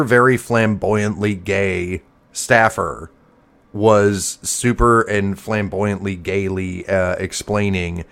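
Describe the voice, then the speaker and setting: Midwestern man, podcast co-host, low voice, laughs a lot, sarcastic banter. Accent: Midwestern American. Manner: laughs often, jokey and sarcastic. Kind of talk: casual chat.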